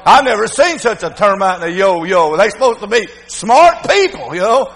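An older man preaching an emphatic revival sermon, swinging from shouts to low muttering. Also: very animated, normal speed, hardly any pauses, big-room sound, poor audio.

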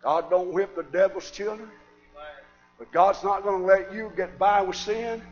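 A man preaching a sermon, swinging from shouted fiery passages to quiet, earnest talk. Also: sits high, steady tone, normal speed, muffled recording, soft background music.

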